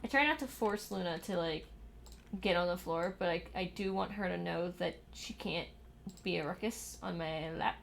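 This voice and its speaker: A young woman streams a building game from her home computer, muttering to herself and scolding her cat in exasperated asides during the casual chat. Her voice is lowish, gravelly and a bit bright, at a moderate pace, with slight background noise.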